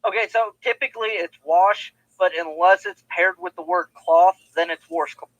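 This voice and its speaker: A man trades teasing, emphatic banter on a podcast, pressing his points with insistence. His voice is high for a man, and the sound is dry with no room around it. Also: moderate pace, a bit bright, dry recording, low-quality recording. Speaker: podcast co-host. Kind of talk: casual chat.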